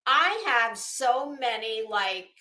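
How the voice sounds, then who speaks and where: A woman's voice: on the high side, animated, slow, sharp tone, echoey room. A middle-aged woman hosting a casual livestream, blunt and chatty, greeting viewers by name. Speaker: livestream host.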